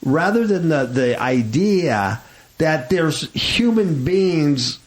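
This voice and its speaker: A man's voice: on the high side, big pitch swings, takes it slowly. A man hosting a Christian talk radio show, rambling and stammering with indignant restarts.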